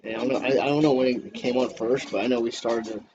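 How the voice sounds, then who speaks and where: A man's voice: mid-range voice, steady tone, quick pace, creaky, darkish tone, lo-fi sound, slight background noise. A man hosting a podcast in casual chat, rambling and profane with lots of filler words. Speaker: podcast host.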